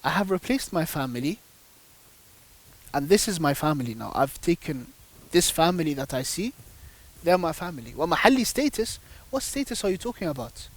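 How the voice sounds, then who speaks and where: Man, panel guest, religious storytelling, emphatic, rhetorical questions, somewhat high voice. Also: sing-song, fairly quick.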